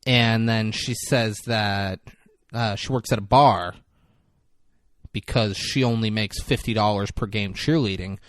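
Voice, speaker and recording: A man co-hosting a podcast, casually recapping a movie with lots of swearing and quick impressions of the characters. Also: on the low side, no room sound, studio quality. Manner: profane, animated, acts out lines in put-on voices. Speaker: podcast co-host.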